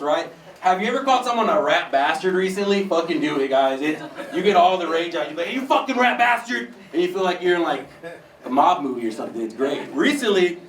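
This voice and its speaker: A man's voice: fairly high pitch, a little hiss or hum. A man in his twenties doing open-mic stand-up in a small theater, talking in a loose, profane, conversational way and saying "dude" often. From United States. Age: 20s. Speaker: stand-up comedian. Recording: roomy, distant mic with faint ambience.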